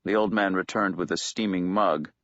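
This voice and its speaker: A man reads a novel aloud in a measured, steady narration. His voice sits low, and the recording is dull and dry with a lo-fi edge. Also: no room sound. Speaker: audiobook narrator. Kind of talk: scripted narration.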